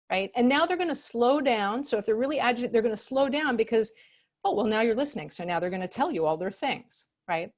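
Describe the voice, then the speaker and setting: A woman presenting as an expert in an online workshop, speaking calmly and conversationally with many fillers, acting out example phrases in changed tones. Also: a little high. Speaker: expert speaker on customer service.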